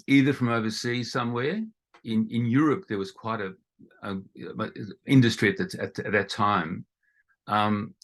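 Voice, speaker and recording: A man's voice: fairly low pitch, a bit bright. A middle-aged Australian man, a guest in an interview, talking in a rambling way with many restarts. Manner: rambling, with frequent restarts and fillers. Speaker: guest, ESL teacher. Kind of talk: conversational interview.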